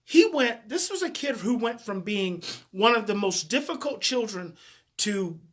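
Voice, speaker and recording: Guy with a bright, forceful voice telling a personal story, heartfelt, keeps repeating himself. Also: high voice, lively intonation, a little slow. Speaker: parenting educator.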